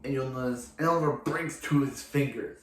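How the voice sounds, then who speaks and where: A man's voice: medium pitch, fairly quick, a little hiss or hum. Rambling man recapping a show, roomy sound. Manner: rambling, lots of restarts and filler. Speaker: TV show reviewer. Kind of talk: casual episode recap. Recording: echoey room.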